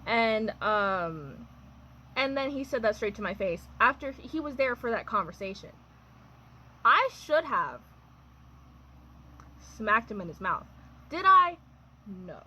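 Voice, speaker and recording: A woman's voice: a little high, very animated, measured pace, pauses often, pushed and bright, a little hiss or hum, poor audio. A young adult woman telling a personal storytime in a chatty, wry way, full of fillers and laughs. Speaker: vlogger. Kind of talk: casual storytime.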